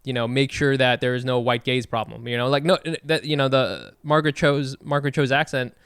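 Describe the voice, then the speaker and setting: A man hosting a podcast, talking in an animated, rambling way full of "like" and "you know". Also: medium pitch, brisk, clear, resonant tone, dry recording. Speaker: podcast host. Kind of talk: casual podcast chat.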